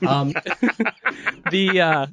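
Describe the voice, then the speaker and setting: A man's voice: a little high, drawn-out words, bright, forceful tone, slight background noise. A man co-hosting a local podcast, playful and teasing in casual chat. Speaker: podcast co-host.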